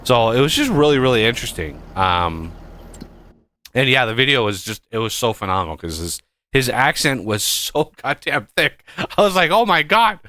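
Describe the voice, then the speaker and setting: A man's voice: mid-range voice, sing-song, normal speed, bright, forceful tone, dry recording. A man giving casual gameplay commentary as a streamer, rambling with many fillers and restarts.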